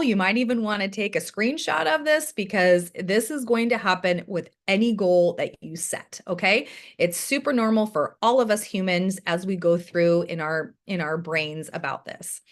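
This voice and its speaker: Lively, encouraging woman trainer. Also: mid-range voice. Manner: encouraging, conversational, often asks "right?". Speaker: sales team director and trainer. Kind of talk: motivational training talk. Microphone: video call.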